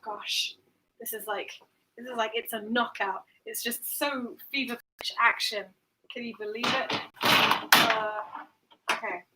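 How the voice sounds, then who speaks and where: A woman's voice: high voice, pushed and bright, slight background noise, poor audio. A woman chatting casually while baking in her home kitchen, giggling, exclaiming and swearing at the cake, picked up by a built-in device mic rather than a proper microphone. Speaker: streamer. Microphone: built-in device mic, not the headset mic.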